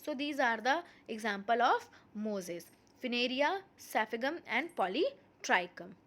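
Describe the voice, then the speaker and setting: A woman's voice: fairly high pitch, expressive, measured pace, fairly bright tone. A woman with an Indian accent giving an online biology lesson, switching between Hindi and English and repeating key terms. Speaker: biology teacher. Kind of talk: online lecture.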